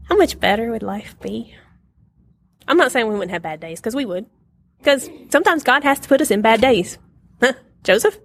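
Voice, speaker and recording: A middle-aged woman teaching a casual Bible lesson to a group, telling stories with animation, laughing often and acting out quotes. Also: fairly high pitch.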